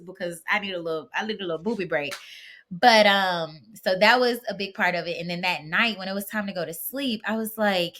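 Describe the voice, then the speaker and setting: Podcast guest, woman, bright and clear tone, chatty storyteller who restarts sentences often. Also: fairly low pitch. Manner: chatty and animated, with many fillers and restarts. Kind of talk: casual conversational storytelling.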